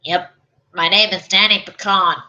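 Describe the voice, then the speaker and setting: A woman's voice: mid-range voice, fairly even intonation, normal speed, sharp tone. A woman voicing a folksy, smug older male lawyer with a nasal voice, in a comedic fanfiction reading. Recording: dull lo-fi recording.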